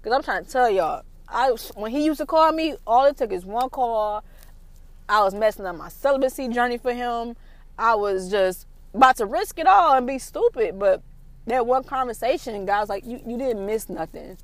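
A woman's voice: fairly high pitch, expressive, moderate pace. A young woman, giving an emotional faith testimony in a rambling vlog, with lots of "like". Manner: rambling, fills with "like". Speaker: vlogger.

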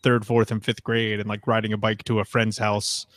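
A man's voice: on the low side, monotone, moderate pace, fairly bright tone, dry recording. Rambling casual man with dry sound. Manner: rambling, lots of fillers and likes. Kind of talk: casual chat.

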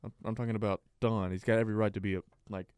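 A man's voice: lowish voice, flat delivery, racing, darkish tone, clear, resonant tone, no echo, studio quality. A man co-hosting a sports podcast in casual chat, rambling with lots of fillers. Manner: rambling, filler-heavy, laughs easily. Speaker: podcast co-host.

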